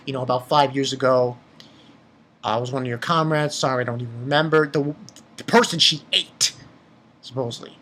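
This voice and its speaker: Excitable swearing man, bright voice. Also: mid-range voice, a little hiss or hum. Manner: excitable, swears freely, reads scenes aloud. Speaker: manga reviewer. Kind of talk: casual spoken review.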